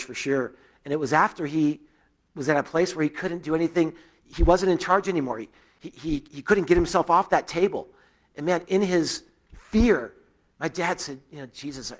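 Sharing stories from his own life, a middle-aged man delivers a sermon as a pastor in a relaxed, talky manner. He often stops and restarts or fills pauses, and his voice is a little high.

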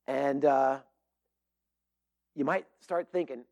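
A man's voice: medium pitch, unhurried, vocal fry, long pauses, a little mellow. A middle-aged man preaching a sermon as pastor, earnest and emphatic, with frequent fillers and restarts.

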